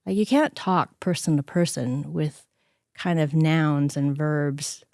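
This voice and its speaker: A middle-aged woman telling personal stories in an interview, animated and acting out the voices of the people she quotes. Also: low-pitched, takes it slowly, no room sound, clean studio sound. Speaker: interview guest. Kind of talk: conversational storytelling.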